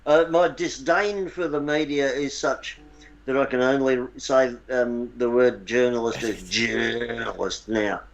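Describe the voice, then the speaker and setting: Sarcastic co-host. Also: male voice, medium pitch, a little slow, muffled recording. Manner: dry, sarcastic quips. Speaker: comedy show co-host. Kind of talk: casual comedic banter.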